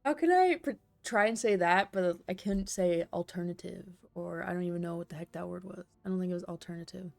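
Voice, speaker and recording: A woman's voice: fairly low pitch, flat delivery, fairly quick, creaky, hardly any pauses, no room sound. A woman playing a game, chatting casually as she reads its text aloud, laughing and correcting herself as she goes. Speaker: game streamer.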